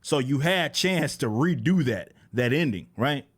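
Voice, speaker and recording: A young man reacting to a clip in casual commentary, mocking and repeating himself, rising higher as he gets animated. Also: normal speed. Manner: casual mocking, repeats words, rises in pitch when animated. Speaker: YouTube commentator.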